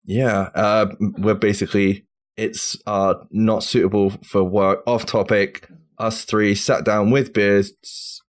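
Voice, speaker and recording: A man's voice: lowish voice, flat delivery, takes it slowly. A man from the UK hosting a casual gaming podcast with friends, running the segments and swearing freely in the banter. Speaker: podcast host.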